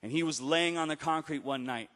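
A fairly high-voiced man preaches through a story, driving points home loudly, then dropping to a hush. His voice hangs in a hall with a long, trailing reverb. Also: fairly quick. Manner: emphatic, swings from loud exhortation to hushed retelling. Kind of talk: storytelling sermon.

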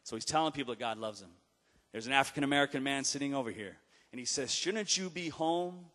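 A man preaching a storytelling sermon, swinging between emphatic exhortation and hushed retelling. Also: medium pitch, very fast. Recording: long hall reverb.

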